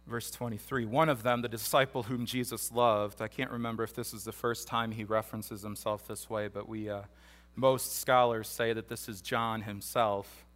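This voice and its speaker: Bright-voiced man preaching a casual sermon. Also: fairly low pitch, normal speed. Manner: casual, animated storytelling that acts out the disciples' voices, with repeated restarts. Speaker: pastor. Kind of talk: conversational sermon, Bible teaching.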